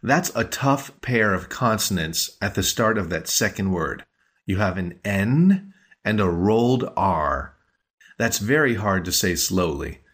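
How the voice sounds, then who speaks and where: A man hosting a podcast language lesson, explaining phrases patiently and slowing down to stress key words. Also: on the low side, very animated, a bit bright. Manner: clear, patient explaining with slowed-down emphasis.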